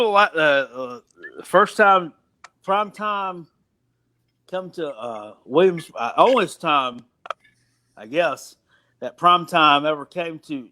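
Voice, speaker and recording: Halting, excitable middle-aged man. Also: a little high. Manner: halting, many restarts, excitable outbursts. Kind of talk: casual sports chat.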